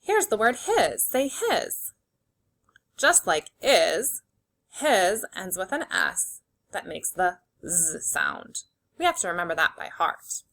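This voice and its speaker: A woman teacher leading a phonics lesson for young children, slowly sounding out words and giving simple, encouraging instructions. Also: lowish voice, wildly swooping pitch, fairly bright tone. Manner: slow, clearly segmented sounding-out of words.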